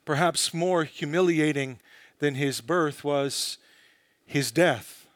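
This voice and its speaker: A man preaching a sermon in a dramatic, emphatic way, often dropping low and slow for quotations. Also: no room sound, clean studio sound.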